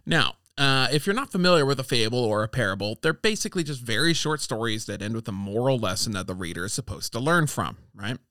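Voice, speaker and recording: A man reads short fables aloud for a podcast segment, playful and animated, his pitch leaping up and down as he voices the characters. The sound is dry and close, with no room echo. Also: quick pace, few pauses, clean tone. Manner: playful, reads quoted lines with lively voices. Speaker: podcast co-host reading fables. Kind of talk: casual chat and storybook reading.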